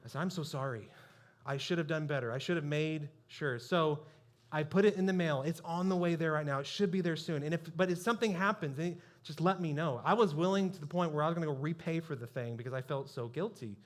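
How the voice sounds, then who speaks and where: A man's voice: a little high, fast. A man preaching a sermon as pastor, telling a personal story in a conversational, self-deprecating way.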